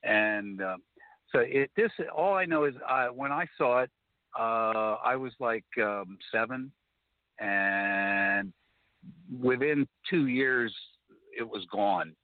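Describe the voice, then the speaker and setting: A man calling in to a talk show, telling a story in a rambling, halting way with many restarts. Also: mid-range voice, no echo. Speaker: caller. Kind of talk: casual phone conversation. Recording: tinny phone line, dry.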